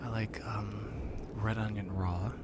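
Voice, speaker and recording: A man hosting a whispered ASMR live chat, talking softly with his viewers. He is a bit congested. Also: fairly low pitch, level tone, takes it slowly, very noisy. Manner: soft whispering, chatting with viewers. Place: lying down.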